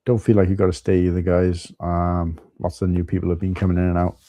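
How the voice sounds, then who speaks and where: A man's voice: deep voice, level tone, a little fast, dark tone, no echo. A man with a Welsh accent, chatting casually with viewers as host of a live stream, calling them mate.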